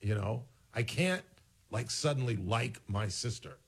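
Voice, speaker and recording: A man's voice: mid-range voice, lively intonation, unhurried, gravelly, breathy edge. A man hosting a show, telling rambling personal stories in casual chat and acting out the dialogue. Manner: rambling, digressive, acts out quoted dialogue. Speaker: radio-style show host.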